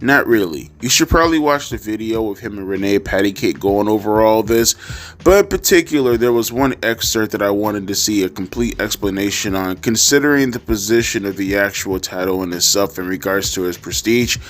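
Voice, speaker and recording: A man's voice: lowish voice, a little fast, few pauses. A man hosting his own channel, ranting to camera about pro wrestling in a blunt, profane and sarcastic way. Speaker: wrestling commentary vlogger. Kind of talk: casual rant to camera.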